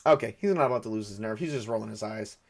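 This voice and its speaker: A man's voice: fairly low pitch, fast. A man narrating a solo tabletop game, thinking aloud with frequent hesitations and fillers. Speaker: game master and solo player.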